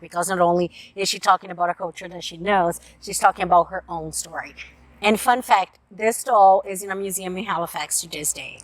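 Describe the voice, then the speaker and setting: A woman casually reviewing picture books to camera, earnest and openly emotional as she talks. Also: medium pitch. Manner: earnest, emotional, tearful at moments. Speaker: book reviewer. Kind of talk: casual book review vlog.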